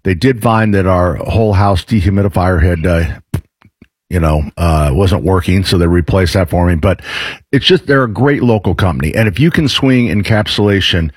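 A man's voice: deep voice, normal speed, breathy edge, no echo. A man hosting a radio show, reading an ad in a joking, rambling way. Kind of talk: casual radio chat and live-read ad.

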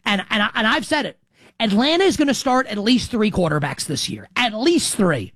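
Brash sports radio host, dry studio sound. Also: male voice, high-pitched, big pitch swings, moderate pace, a bit bright, no room sound. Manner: brash, emphatic, jokey. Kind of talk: sports talk radio monologue.

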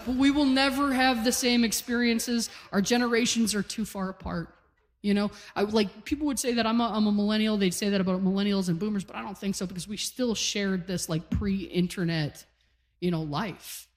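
A woman's voice: mid-range voice, steady tone, normal speed. Woman in her forties doing stand-up. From Calgary, Canada. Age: 40s. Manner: punchy, self-deprecating storytelling. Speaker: stand-up comedian. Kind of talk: stand-up comedy set. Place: comedy stage with live audience. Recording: live hall with long reverb.

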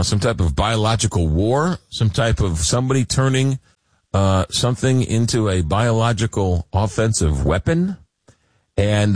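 A man's voice: mid-range voice, no echo. A man hosting a late-night radio talk show, joking and stumbling over repeated words and fillers.

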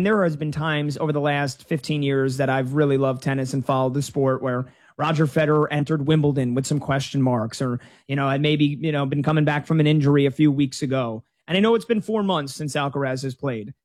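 A man's voice: fairly high pitch, brisk, darkish tone. A man giving casual sports betting analysis in a conversational, filler-heavy way.

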